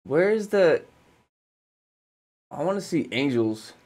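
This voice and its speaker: A man from the Las Vegas area hosting a casual reaction video, profane, slangy and excitable. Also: on the high side, slow pace.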